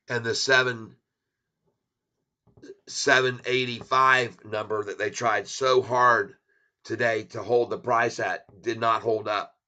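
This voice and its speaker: A man's voice: medium pitch, bright, forceful tone. A man hosting a long stock market livestream, chatting casually and rambling as he thanks viewers by name. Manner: tries broken French and Spanish.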